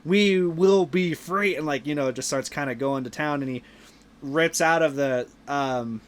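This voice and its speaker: A man's voice: medium pitch, fairly even intonation, moderate pace, smooth. A man hosting a podcast, casually retelling a movie plot with lots of fillers and restarts. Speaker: podcast host. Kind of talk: casual movie review chat.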